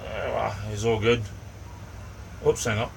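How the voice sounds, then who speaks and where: A middle-aged Australian man hosts a slow, casual livestream chat from a small camper van, rambling easily with lots of ums and "mate." His voice is fairly low, level, and creaky. A fan hums faintly in the background, heard through a distant mic.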